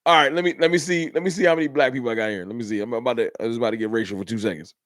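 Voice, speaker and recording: A relaxed, talkative man hosts a live fan stream, picking up viewer comments and answering them as he goes. His voice sits at an ordinary middle pitch. The sound is dry and close, with no room echo. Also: rapid-fire. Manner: laid-back, chatty, reads out and answers viewer comments. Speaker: livestream host. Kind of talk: casual livestream chat.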